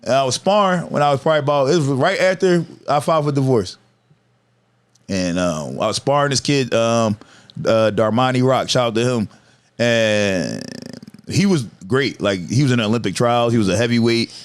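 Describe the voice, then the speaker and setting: A man's voice: medium pitch, normal speed. A man in his thirties telling stories in a casual, profane podcast chat, laughing as he goes. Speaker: podcast guest, comedian.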